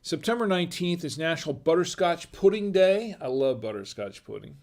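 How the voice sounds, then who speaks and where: A man's voice: fairly high pitch, lively intonation, normal speed, darkish tone. A middle-aged man hosting a wine review livestream, chatting casually in a rambling, digressive way and chuckling often. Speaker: host of a wine review show.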